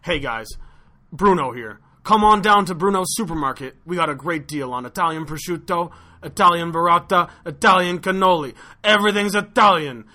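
A man puts on a loud, pushy grocery store owner shouting his deals like a cheesy local ad. The voice sits high and bright, with an accent that comes and goes. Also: normal speed. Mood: hyped pitch. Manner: booming salesman pitch, shaky accent.

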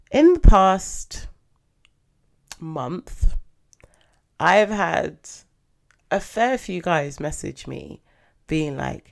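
A young woman talks casually on her podcast in a low, gravelly voice. She is chatty and animated, with sudden excited jumps in pitch. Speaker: podcast host.

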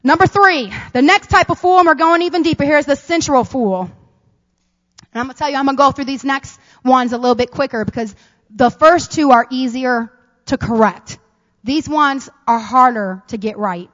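High-voiced woman pastor preaching in a hall. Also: lo-fi sound. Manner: lively preacher, swings between loud emphasis and soft asides. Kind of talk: sermon. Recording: long hall reverb.

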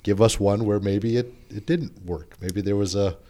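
A man's voice: fairly low pitch, normal speed, warm tone. Easygoing male podcast host. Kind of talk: casual interview.

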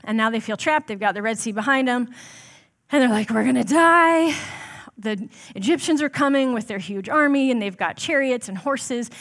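A woman's voice: fairly high pitch, brisk, few pauses, fairly bright tone. Woman on church staff, informal self-deprecating sermon, chatty delivery. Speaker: church staff member preaching. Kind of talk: conversational sermon.

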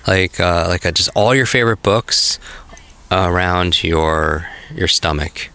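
A man guiding a memory exercise in an upbeat, encouraging way and telling lively stories. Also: low-pitched, a little slow, clean tone. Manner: energetic, encouraging, animated storytelling. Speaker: memory coach guest.

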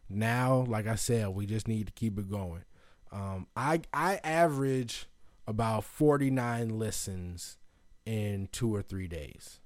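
A man's voice: on the low side, takes it slowly, no echo, clean studio sound. Rambling man hosting a casual podcast. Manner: rambling, loose, full of fillers and restarts. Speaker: podcast host. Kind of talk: casual solo podcast chat.

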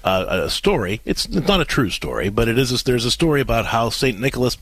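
A man's voice: medium pitch, big pitch swings, a little fast, a bit bright, slightly rough, no room sound. A man hosting a call-in radio advice show, speaking conversationally and sometimes searching for words. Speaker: radio host.

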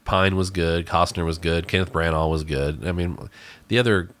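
A man with a very low, deep voice talks through a movie in a loose, casual review. He rambles, restarting his sentences often and filling gaps with ums and uhs. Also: fairly even intonation, normal speed, a bit bright, a little hiss or hum. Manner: rambling, with many restarts and fillers. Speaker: podcast co-host reviewing a movie.

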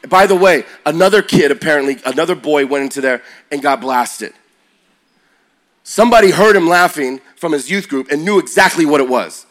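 A man preaching to young people, telling stories with rising energy and shifting to a slow, quiet prayer. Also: a little high. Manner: energetic, builds to loud excited peaks; slow and quiet when praying. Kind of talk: sermon storytelling.

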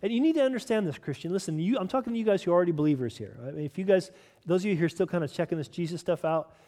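A pastor preaches a sermon in a voice on the high side for a man, animated, rapid-fire and mellow. His delivery is emphatic and direct, and he keeps putting pointed questions to his listeners.

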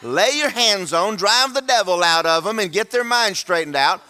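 A man's voice: sits high, animated, moderate pace, bright, forceful tone. A man, preaching a sermon to his church in a folksy, humorous, emphatic way. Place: church sanctuary.

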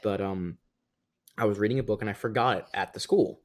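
A young man casually telling a long school story, animated and quick to laugh, mimicking the people in it with a raised voice. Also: lowish voice. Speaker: podcast guest. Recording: rough audio.

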